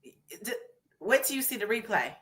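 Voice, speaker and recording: Woman, Southern US accent, casual co-host chat, laughing a lot, very lively pitch. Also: moderate pace. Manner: animated, laughing, Southern country talk.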